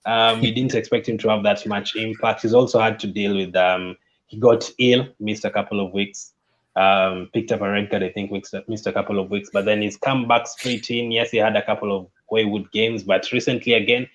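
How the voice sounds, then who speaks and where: A man's voice: on the low side, steady tone, normal speed, muffled recording. A man co-hosting a casual football chat, speaking steadily with many fillers. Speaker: football podcast co-host.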